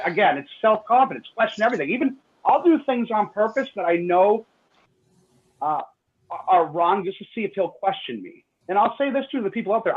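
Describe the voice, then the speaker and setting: Animated man on a muffled radio line. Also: high voice, slightly rough. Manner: animated, repeats words when stressing a point. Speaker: radio show co-host. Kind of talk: casual radio chat.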